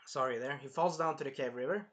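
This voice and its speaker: A man giving a casual, excitable anime review, swearing freely along the way. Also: medium pitch, fast talker.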